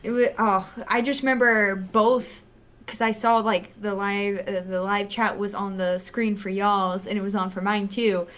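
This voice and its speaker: A woman who makes videos, a podcast guest telling animated stories in casual chat and laughing often. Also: mid-range voice, unhurried.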